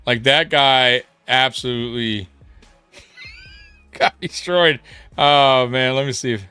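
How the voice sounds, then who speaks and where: A man's voice: mid-range voice, slow, bright, forceful tone, clear, resonant tone, no echo, faint music behind. A man hosting a sports livestream in a casual chat, laughing often and swearing in slang. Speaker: livestream sports show host.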